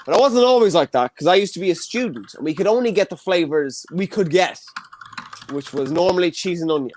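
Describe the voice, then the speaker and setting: A man's voice: high voice, expressive, brisk, a little mellow, a little hiss or hum. An Irish man in his twenties hosting a live online comedy show from his childhood bedroom over a video call, with a joking, chatty stand-up delivery. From Ireland. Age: 20s. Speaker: host.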